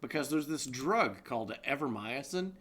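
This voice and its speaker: A man's voice: mid-range voice, expressive, normal speed, a bit bright. A man co-hosting a comedic live-streamed news roundup, rambling and joking, often laughing. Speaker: co-host.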